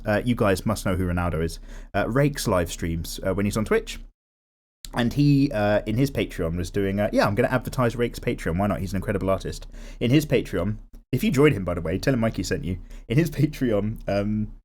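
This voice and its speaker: Young dude drawing and rambling, voice jumps around a lot, casual cussing. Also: male voice, on the low side. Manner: animated, swears casually, self-deprecating. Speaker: art vlogger. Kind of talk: casual chat while drawing.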